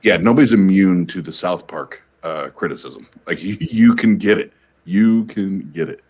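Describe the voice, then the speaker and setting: Very deep-voiced stammering man. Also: moderate pace, a little mellow, slightly rough. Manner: stammering, repeats himself. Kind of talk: casual chat.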